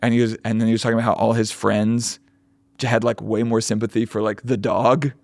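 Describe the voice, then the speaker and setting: A young man co-hosting a podcast, ranting with sarcastic, quick asides in casual banter, close to the mic. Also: lowish voice, little pitch movement, gravelly, dry recording. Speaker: podcast co-host.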